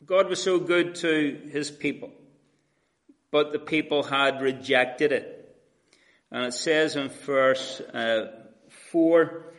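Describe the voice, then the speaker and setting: Slow, measured male preacher. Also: fairly high pitch, a bit bright. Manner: slow, measured, with frequent pauses and fillers; addresses the congregation as friends. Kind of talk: expository sermon.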